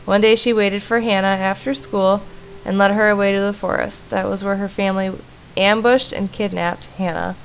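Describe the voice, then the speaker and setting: A woman's voice: mid-range voice, steady tone, moderate pace, gravelly, a little hiss or hum, natural voice, poor audio. A woman reading aloud the lines of a frightened young woman freed from a painting, urgently warning her friend.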